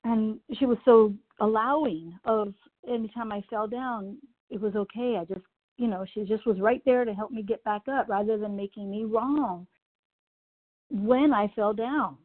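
A woman's voice: medium pitch, moderate pace. Earnest woman on a tinny phone line. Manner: earnest, grateful. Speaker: meeting member sharing.

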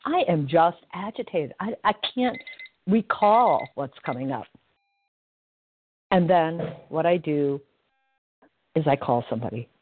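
A woman sharing reflectively at a recovery phone meeting, halting and self-mocking at times. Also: sits low, lively intonation, a little hiss or hum. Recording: dry tinny phone line.

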